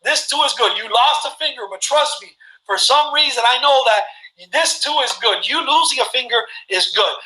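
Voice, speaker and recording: A man doing an endlessly optimistic royal counselor who keeps soothing his king with the same reassurance. The voice is bright and ringing, and it stays serene and steady. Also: very high-pitched, moderate pace, echoey room, exaggerated voice, rough recording. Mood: calm. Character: relentlessly upbeat male royal counselor.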